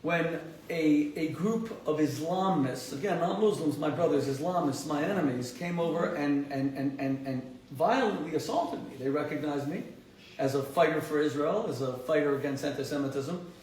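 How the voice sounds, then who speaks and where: Impassioned rabbi host in an echoey room. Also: male voice, normal speed, distant mic, a little hiss or hum. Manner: animated, emphatic, rises sharply in pitch when stressing points, frequent restarts. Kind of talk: impassioned storytelling monologue.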